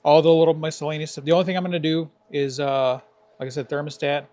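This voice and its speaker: A man's voice: a little high, little pitch movement, quick pace, warm tone. A man hosting a garage show, chatting casually and playfully with a co-host while finishing an engine build. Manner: joking, playful wordplay.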